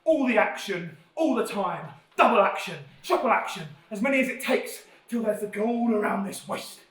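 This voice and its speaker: Man, high voice, cocky wrestling promo, catchphrases, distant mic, echoey. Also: animated, moderate pace, fairly bright tone. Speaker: pro wrestler. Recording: roomy hallway audio from far off.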